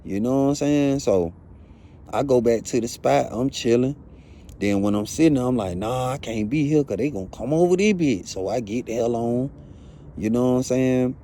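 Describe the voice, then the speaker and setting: Man, casual storyteller, mellow warm voice, faint hiss behind, profane and repetitive fillers. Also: mid-range voice, animated, normal speed. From Atlanta. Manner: blunt and profane, leaning on "you know what I'm saying". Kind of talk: casual first-person storytelling.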